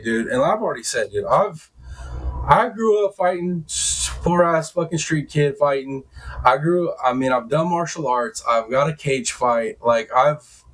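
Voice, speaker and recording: A young man hosting his own channel, telling a personal story in a casual, profane, animated way that turns loud and high when heated. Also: slightly rough, rough recording. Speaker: true crime channel host.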